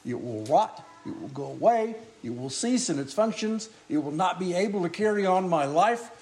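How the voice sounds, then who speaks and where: A man delivers a sermon in a high voice, asking his congregation questions as he goes. He coughs now and then and keeps clearing his throat. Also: animated, moderate pace, a little mellow. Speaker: preacher.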